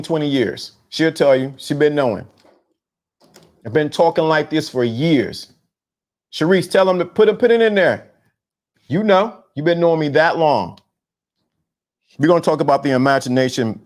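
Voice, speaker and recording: A middle-aged man hosting a casual live stream, talking in slang, repeating himself and giving shout-outs to viewers. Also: fairly high pitch. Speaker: host of a talk show on dating game. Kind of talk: casual live-stream talk reading chat.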